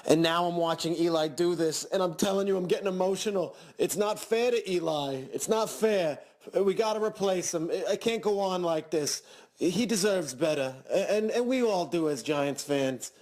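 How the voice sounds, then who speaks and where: A man's voice: high voice, normal speed, a little mellow, natural voice. A man playing a distraught sports fan calling a radio show, mournful, his accent drifting from one place to another. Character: weepy middle-aged male fan caller, shifting accents. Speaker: caller.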